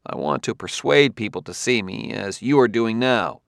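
A blunt, persistent male investigator with a low, gravelly voice, as a man reading an audiobook puts him on. He presses his questions earnestly, recorded close and dry. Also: animated, normal speed, no room sound. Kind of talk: audiobook character voice.

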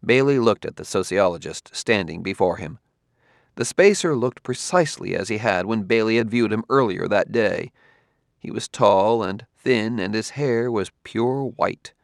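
A man giving measured, expressive scripted narration of a science fiction novel. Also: fairly low pitch, vocal fry, dry recording, clean studio sound. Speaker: audiobook narrator.

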